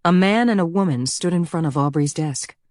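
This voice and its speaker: A woman narrating a thriller audiobook in a measured, even storytelling delivery on a close mic. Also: on the low side, no room sound.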